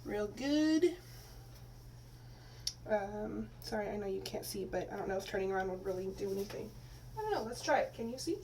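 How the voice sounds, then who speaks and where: A woman's voice: medium pitch, very animated, moderate pace, long pauses, mellow. A woman from Texas, a teacher, casually talking through a hair-dye tutorial in a rambling way with lots of fillers. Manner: chatty, rambling, many fillers and restarts. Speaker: teacher and vlogger. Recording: slightly distant mic, faint room noise.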